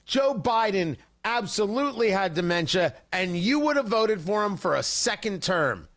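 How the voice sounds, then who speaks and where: A male commentary host with a high, lively voice that leaps up and down. He rants with heated sarcasm, mocking and scolding as he comments on a livestream. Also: normal speed, hardly any pauses.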